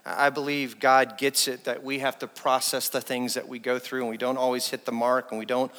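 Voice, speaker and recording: Bright-voiced preacher in a reverberant hall. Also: male voice, medium pitch, a little fast. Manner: animated preaching, acting out quoted speech. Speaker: associate pastor. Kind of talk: sermon. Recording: long reverb in a church hall.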